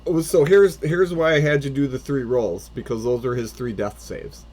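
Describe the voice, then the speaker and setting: A man's voice: medium pitch, fairly even intonation, normal speed, a little mellow. A man running a tabletop game as a first-time dungeon master, improvising and narrating with lots of swearing and restarts. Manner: rambling, swearing, frequent restarts.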